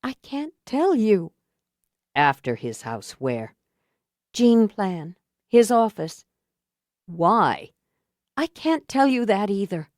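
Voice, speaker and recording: A woman's voice: mid-range voice, big pitch swings, slow, pauses often, darkish tone, no echo, clean studio sound. A woman voicing a tense, secretive woman who evades questions in short, clipped replies, as an audiobook character. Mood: guarded. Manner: evasive, clipped, strained. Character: tense secretive woman driving, guarded and evasive.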